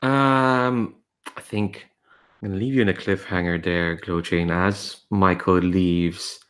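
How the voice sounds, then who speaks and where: A man's voice: deep voice, fairly even intonation, takes it slowly, a bit bright. A man narrating as game master of a tabletop game, loose and hesitant with fillers.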